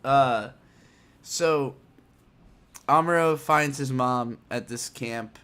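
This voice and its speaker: A man hosting a casual anime podcast, excitedly retelling an episode and swearing freely. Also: medium pitch, drawn-out words, smooth. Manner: excitable, swears a lot, animated storytelling. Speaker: podcast host. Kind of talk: casual chat, recapping anime.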